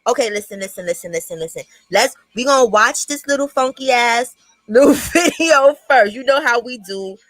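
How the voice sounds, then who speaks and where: Brief: blunt, cussing livestream host, woman, a bit high, dry close mic. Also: moderate pace, fairly bright tone, no echo, low-quality recording. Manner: blunt, profane, greets chat by name. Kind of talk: casual livestream commentary.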